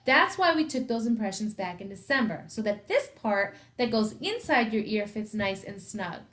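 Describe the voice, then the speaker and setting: A woman's voice: mid-range voice, big pitch swings, moderate pace, fairly bright tone. A woman reading as a jolly ear doctor. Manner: cheerful, reassuring explanations. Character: friendly, joking male ear doctor.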